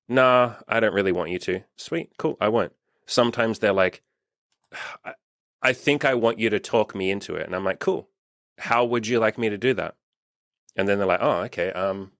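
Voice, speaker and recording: Low-voiced man, blunt and sweary. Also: fairly bright tone, no room sound, studio quality. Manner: blunt, swears freely, acts out quotes in a raised voice. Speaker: dating coach and channel host. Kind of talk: casual podcast chat.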